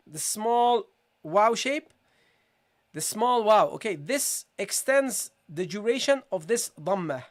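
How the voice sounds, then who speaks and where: In a live online tajweed session, a man with an extremely high voice teaches Quran recitation. He speaks patiently, repeats points, checks in with his viewers, and slowly demonstrates each sound.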